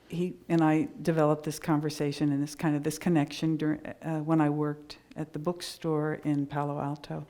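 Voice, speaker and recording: A woman's voice: sits low, warm tone. A middle-aged woman minister giving a sermon, in an earnest, conversational storytelling way with frequent restarts.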